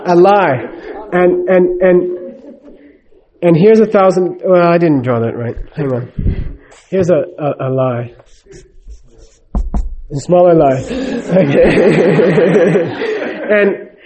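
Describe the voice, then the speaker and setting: A man's voice: high-pitched, slow pace, pauses often, mellow. A man giving a live teaching talk. He speaks conversationally, checks in with the audience often, and acts out the dialogue in his stories. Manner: tells stories with acted-out dialogue. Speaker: spiritual teacher.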